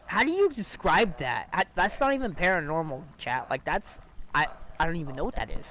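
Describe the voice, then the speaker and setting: Rambling streamer man, slightly high voice. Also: sing-song, brisk, bright, forceful tone, low-quality recording. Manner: rambling, profane, restarts and fillers. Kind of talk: casual livestream storytelling.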